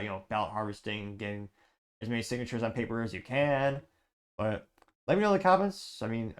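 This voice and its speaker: A man hosting a political news podcast, talking casually and rambling with asides. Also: lowish voice. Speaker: podcast host.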